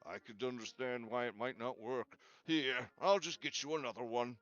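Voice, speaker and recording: A man's voice: medium pitch, moderate pace, fairly bright tone, dry recording, lightly acted. A man voicing a shy, embarrassed female octopus who stammers and hesitates. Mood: flustered. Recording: dull lo-fi with faint music.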